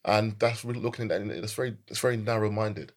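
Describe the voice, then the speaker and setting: A man, a company founder telling stories in an interview, animated and quick to laugh. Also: on the low side. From England. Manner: animated anecdotes, plays quoted voices, laughs easily. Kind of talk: conversational interview storytelling.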